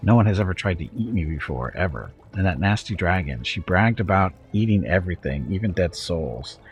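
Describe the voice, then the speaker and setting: A man's voice: low voice, a little hiss or hum. A man voicing a petulant, self-pitying female demon queen who whines and tries to sound flirtatious, with a gurgling, purring voice. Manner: whiny, petulant, falsely flirtatious.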